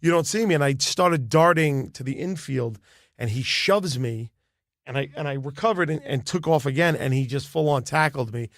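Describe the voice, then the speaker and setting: A man's voice: mid-range voice, normal speed, fairly bright tone, no room sound, studio quality. A man in his thirties, a guest comedian on a podcast, telling a story in chatty talk with laughing asides.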